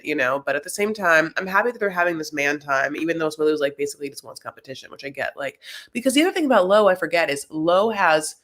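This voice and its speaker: A woman's voice: deep voice, quick pace, fairly bright tone. Gossipy woman recapping reality TV. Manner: chatty, gossipy, calls people honey. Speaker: co-host of a reality TV recap show. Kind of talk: casual chat.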